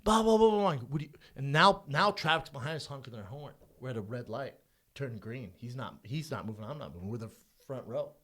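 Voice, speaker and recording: A man's voice: medium pitch, expressive, fairly quick, bright, forceful tone. Man, thirties, podcast co-host, casual storytelling, swears a lot, acts out quotes.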